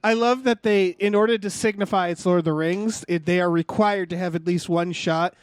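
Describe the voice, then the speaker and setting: A man with a high voice co-hosting a relaxed film podcast. He jokes, swears casually and laughs along with the others. The sound is dry and close to the mic. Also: brisk, smooth, dry recording. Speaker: podcast co-host. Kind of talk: casual movie chat.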